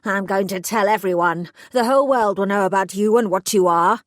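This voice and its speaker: A woman's voice: medium pitch, brisk, dry recording, clean studio sound, lightly acted. A woman voicing a terrified male prisoner who screams, pleads and snarls, his voice shaking. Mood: panicked.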